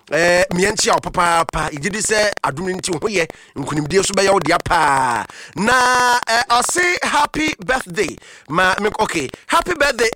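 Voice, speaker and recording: Cast: ghanaian male radio presenter, high bright voice, animated shout-outs. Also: slight background noise. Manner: animated, repeats words for emphasis.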